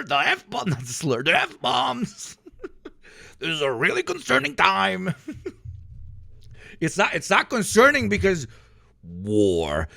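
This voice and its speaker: Mocking, swearing male streamer with a gravelly voice. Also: high voice. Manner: mocking, swearing, laughing, swings into shouted mock voices. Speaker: streamer reacting to news clips. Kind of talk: profane satirical livestream commentary.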